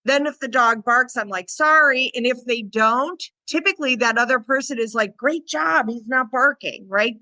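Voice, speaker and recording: Bright, chatty woman dog trainer. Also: a little high, no echo. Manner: lively, chatty, acts out little voices and quotes. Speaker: dog trainer, podcast co-host. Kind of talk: casual podcast chat.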